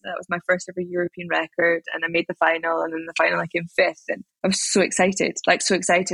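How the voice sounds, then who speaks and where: Fast-talking Scottish woman with a gravelly voice. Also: lowish voice, no echo. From Scotland. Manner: chatty, animated storytelling with many fillers. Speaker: interviewee, athlete. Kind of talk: casual interview chat.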